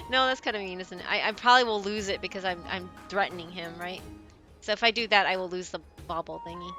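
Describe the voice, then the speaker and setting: A woman's voice: mid-range voice, bright, forceful tone. A woman streamer chatting and reading game dialogue aloud, giggling often, into a desk mic.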